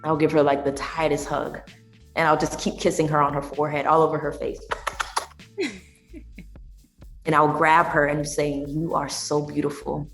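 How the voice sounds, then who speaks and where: A woman's voice: deep voice, little pitch movement, moderate pace, pauses often, reverberant, soft background music. A young adult woman, a podcast guest, telling her story in a heartfelt, emotional way. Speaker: guest, singer and tea business owner. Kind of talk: candid podcast conversation.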